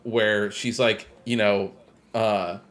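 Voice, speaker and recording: A man's voice: lowish voice, flat delivery, slow, fairly bright tone. A man co-hosting a casual podcast, retelling a game's story in a rambling way with lots of "like" and "uh". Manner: rambling retelling, heavy use of "like" and "uh". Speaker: podcast co-host. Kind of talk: casual chat recapping a game plot.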